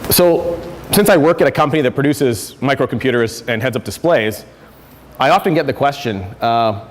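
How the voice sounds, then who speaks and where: A man's voice: medium pitch, lively intonation, normal speed, in a large hall, slight background noise. A man giving a conference talk, conversational and self-correcting with frequent fillers. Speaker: conference speaker. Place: lecture hall.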